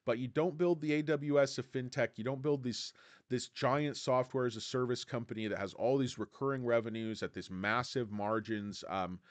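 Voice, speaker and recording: A tired-sounding man hosts a casual stock commentary livestream, reading out chat names and sarcastically ranting about analysts, whom he mocks with put-on voices. He's animated, speaking at medium pitch and a moderate pace with no echo.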